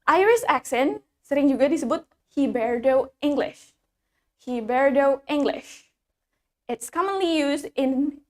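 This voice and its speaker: A woman with an Indonesian accent leads an English class, her voice pitched high. She moves between English and Indonesian, slowing down to model each example word for learners to repeat. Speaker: English teacher. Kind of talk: bilingual English lesson.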